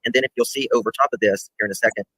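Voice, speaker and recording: A man explaining a video on a call, halting and restarting as he walks through the footage. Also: medium pitch, fairly bright tone, husky, no echo, low-quality recording. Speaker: guest presenting a video.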